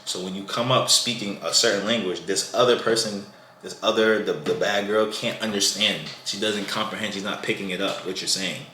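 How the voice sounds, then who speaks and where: A man's voice: deep voice, pushed and bright, echoey room, a little hiss or hum. A man casually giving dating advice to the camera, loose and conversational, often asking "you know what I'm saying".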